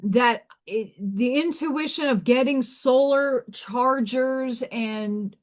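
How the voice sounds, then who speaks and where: A live stream host and oracle card reader with a Staten Island, New York accent speaks slowly in a fairly high voice. She's frank and casual, swearing freely and often restarting her sentences.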